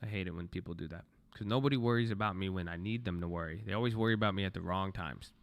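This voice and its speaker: A man's voice: low voice, very fast, vocal fry. A young man trading stocks on a livestream, talking bluntly to his chat and swearing freely. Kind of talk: casual livestream commentary.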